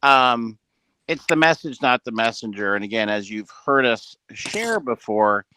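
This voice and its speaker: A man's voice: mid-range voice, animated, measured pace, sharp tone, smooth, no echo. A man speaking on a group video call, giving a rambling, earnest motivational talk to his team with frequent fillers. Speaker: business leader addressing a team call. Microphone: headset with ear monitor.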